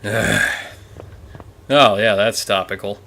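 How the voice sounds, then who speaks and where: A man playing a horror game and reacting out loud, slow and low-voiced, blunt and sarcastic with constant swearing. Mouse clicks and game sounds come through clearly behind him. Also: slight background noise. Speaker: let's play host. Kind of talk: gameplay commentary.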